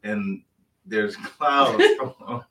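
Young man, slow and halting speech, bright low voice, roomy sound. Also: a little hiss or hum. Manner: halting, hesitant storyteller. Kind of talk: casual chat. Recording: roomy sound from a distant mic.

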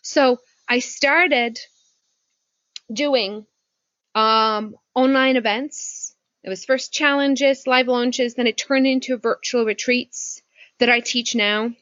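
A woman business coach telling a story on a video call, lively, with many rhetorical questions. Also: a little high, takes it slowly, no echo. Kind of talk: casual talk on a video call. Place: home porch. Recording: dull, muffled video-call audio.

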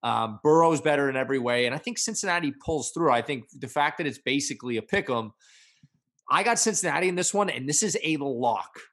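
A man's voice: a little high, lively intonation, fairly quick, a bit bright. A man co-hosting a sports podcast, giving blunt, opinionated takes in casual chat. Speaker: podcast co-host.

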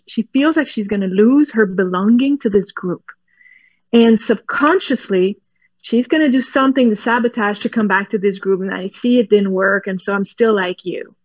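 A woman with a fairly high voice talks animatedly as an interview guest. She laughs often and restarts words as she explains. The recording sounds a bit dull and muffled. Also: dry recording. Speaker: guest expert.

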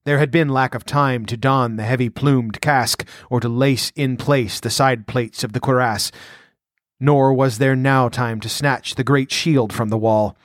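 A man reads an adventure tale aloud in a measured, dramatic way. His voice sits at a middle pitch and sounds dry and close, as if recorded right at the mic. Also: fairly even intonation, no room sound. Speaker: narrator. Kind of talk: audiobook narration.

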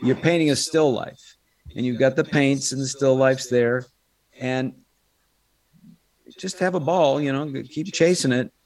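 Middle-aged american guy, voice actor telling stories in a chatty interview, lively. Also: mid-range voice, a little slow, pauses often. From United States. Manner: animated storyteller, drops into quoted voices. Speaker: guest, voice actor and impressionist. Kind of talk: casual interview chat.

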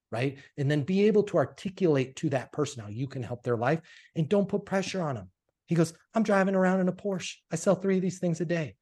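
A man, a sales coach being interviewed, telling stories in a casual, animated way and acting out the dialogue. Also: mid-range voice. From Colorado, USA.

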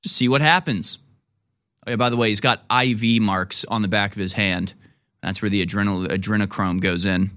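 A man's voice: lowish voice, fairly even intonation, moderate pace, sharp tone. Sarcastic, rambling male commentary host.

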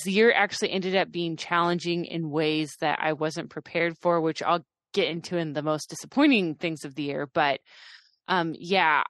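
A woman co-hosting a podcast, speaking in an earnest, encouraging and unhurried way. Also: low voice, a bit bright, dry recording. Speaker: podcast co-host. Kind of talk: casual chat.

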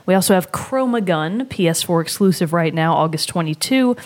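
A woman co-hosting a podcast, chatting casually about online gaming, animated and laughing often. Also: fairly low pitch, brisk. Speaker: podcast co-host.

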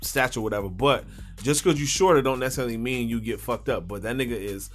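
A man chatting on a sports podcast, telling stories in an animated, profane way. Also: mid-range voice, fast talker, soft background music. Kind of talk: casual sports chat.

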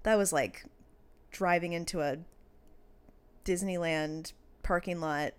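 A woman's voice: on the low side, slow pace, clear, resonant tone. A woman co-hosting a podcast, casually chatting and telling stories with lots of laughter. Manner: animated storyteller, laughs often. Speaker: podcast co-host. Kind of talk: casual chat.

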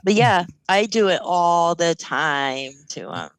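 A woman's voice: fairly low pitch, animated, takes it slowly, a little hiss or hum, poor audio. A woman co-hosting a podcast, telling stories in casual chat with swearing and laughter. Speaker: podcast co-host.

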